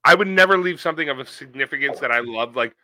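A young man co-hosting a podcast, answering with blunt, deadpan comebacks in casual chat. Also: medium pitch, fast, slight background noise. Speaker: podcast co-host.

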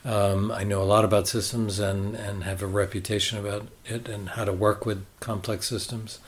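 Deep-voiced American man, reflective. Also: level tone, normal speed, a little hiss or hum. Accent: Boston American. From United States. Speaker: guest, consultant. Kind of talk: conversational interview.

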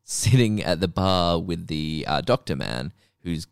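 Low-voiced man recapping a film casually. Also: expressive, a little slow, gravelly, clear, resonant tone, dry recording, studio quality. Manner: rambling, swears, acts out lines. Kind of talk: casual movie recap chat.

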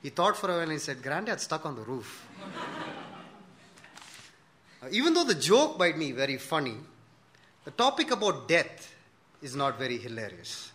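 A man's voice: fairly high pitch, a little fast, a little hiss or hum. A man preaching a sermon to his congregation, telling a joke with acted-out voices and then asking earnest rhetorical questions. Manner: animated storytelling, acting out dialogue in a joke. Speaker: pastor.

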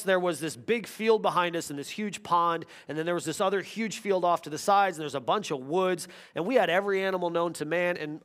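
A man preaching a sermon as pastor, telling personal stories with earnest feeling and swinging from loud to hushed. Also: on the high side.

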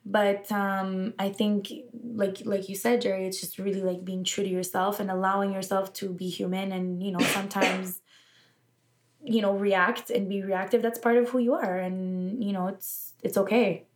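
Casting: a chatty woman, mid pitch, animated storyteller who laughs often. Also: normal speed, slight background noise. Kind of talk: casual chat.

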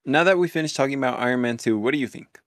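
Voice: medium pitch, very fast, no echo. Playful podcast co-host, casual chat, laughs often, dry close sound.

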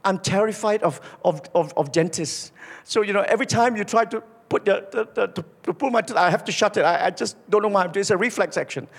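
A man's voice: sits high, fast talker, vocal fry, husky, exaggerated voice. A man voicing a terrified, sizable woman at the dentist, stammering and pleading. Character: terrified, sizable older woman dental patient. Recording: echoey hall.

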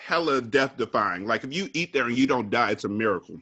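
Animated, husky podcast co-host. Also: male voice, mid-range voice, a little fast. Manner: giggly, animated joking. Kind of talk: casual chat.

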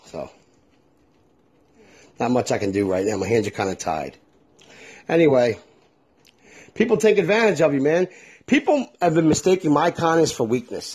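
In his solo podcast, a middle-aged host talks with a breathy edge at medium pitch. His candid monologue is blunt, heartfelt, and full of casual swearing.

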